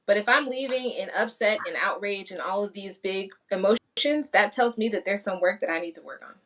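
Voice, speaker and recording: A woman in a casual discussion who speaks in a measured, reflective way. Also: mid-range voice, fairly bright tone, far from the mic. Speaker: podcast guest.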